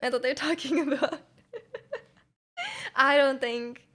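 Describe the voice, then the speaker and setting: A woman with a Canadian accent, chatting casually with viewers on a stream, full of fillers and restarts and quick to laugh. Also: sits high, wildly swooping pitch, a bit bright. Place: home room.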